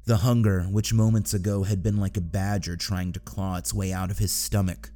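A man narrating a dark story in a steady, subdued storytelling manner. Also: low voice, normal speed. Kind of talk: scripted audiobook narration.

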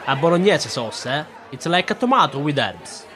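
A man's voice: a little high, very animated, moderate pace, bright, forceful tone, some chatter behind. A man playing a patient restaurant waiter who speaks slightly broken English. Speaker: waiter in a sketch.

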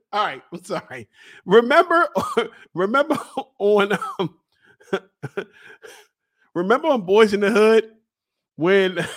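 A man from Baltimore hosting a casual solo vlog, playful and exclamatory, drawing things out and laughing often. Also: high voice. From Baltimore, USA. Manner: lively, exclamatory. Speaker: podcast host.

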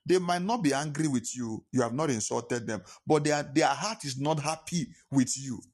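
A man's voice: medium pitch, normal speed, a little mellow, slightly rough. Man preaching a sermon. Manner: preaching with repetition, acting out phone calls in pidgin. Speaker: pastor.

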